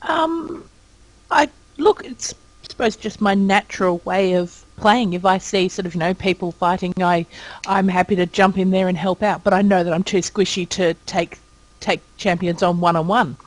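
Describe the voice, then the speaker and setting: A woman's voice: lowish voice, moderate pace, dry recording, poor audio. A woman co-hosting a game stream, talking casually and hesitantly. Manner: hesitant, soft-spoken with fillers. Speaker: stream co-host. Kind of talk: casual live-stream chat.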